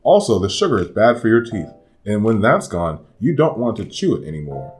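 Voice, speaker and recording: A man's voice: lowish voice, very animated, brisk, darkish tone, soft background music. A man voicing a father patiently explaining things to his children in a storybook. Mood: reasoning.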